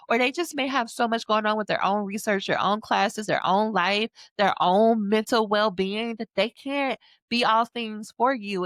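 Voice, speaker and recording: A woman dissertation coach giving a casual, frank, emphatic motivational pitch, talking straight to the listener and slipping into other people's voices for quotes. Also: a bit bright, dry recording. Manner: casual, frank, uses slang. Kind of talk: motivational sales pitch to camera.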